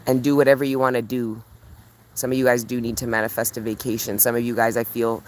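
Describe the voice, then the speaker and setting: A woman chatting casually on a livestream while she walks home outdoors. She talks warmly to her viewers and reads their comments aloud. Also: a bass voice, flat delivery, quick pace. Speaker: spiritual coach and retreat host. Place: outdoors walking by water.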